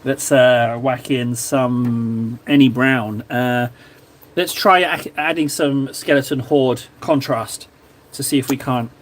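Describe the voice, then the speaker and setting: A man's voice: medium pitch, fairly even intonation, slow pace. A man hosting a live stream, chatting casually and self-deprecatingly while he paints miniatures, often drifting off topic. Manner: rambling, self-deprecating, easily sidetracked. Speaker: livestream host painting miniatures.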